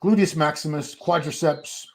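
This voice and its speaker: A man's voice: a little high, normal speed, a little mellow. A man hosting a live bodybuilding watch party, speaking in a conversational, wry way. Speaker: host of a bodybuilding channel. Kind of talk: casual live-stream chat.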